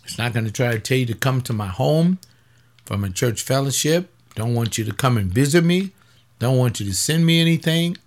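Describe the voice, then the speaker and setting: A man who is a pastor giving webcast commentary, rambling and conversational with blunt rhetorical questions, tired and aching, sometimes dropping low and quiet and then rising sharply when he argues. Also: lively intonation, fairly quick. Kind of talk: webcast commentary reading and answering a paper.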